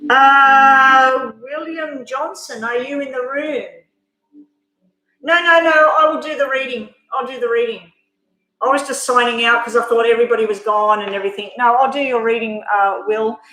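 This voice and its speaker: A woman's voice: on the high side, steady tone, brisk, pushed and bright. Chatty woman tarot reader, echoey room. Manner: chatty, candid, emotional; addresses viewers directly. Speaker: tarot reader hosting a live stream. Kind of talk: casual live-stream chat and card reading.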